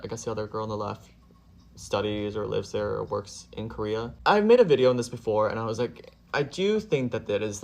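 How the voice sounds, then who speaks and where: A man commenting bluntly on a video, exasperated and sometimes swearing. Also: fairly low pitch. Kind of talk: casual commentary.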